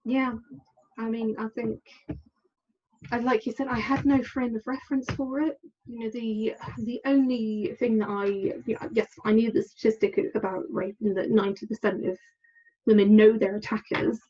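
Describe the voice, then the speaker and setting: A woman's voice: fairly high pitch, steady tone, normal speed, mellow, highs cut off. A woman, a podcast guest telling her personal story candidly and with hesitations. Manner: candid, hesitant, acts out quoted lines.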